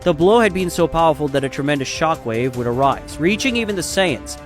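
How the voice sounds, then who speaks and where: Man, narrator, steady storytelling, higher voice. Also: fairly quick, soft background music.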